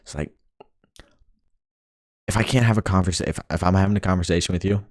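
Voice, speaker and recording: Young man, very low gravelly voice, frustrated profane rant, dry close sound. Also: fairly even intonation, brisk, a little mellow, no echo. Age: young adult. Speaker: vlogger. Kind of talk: ranting monologue.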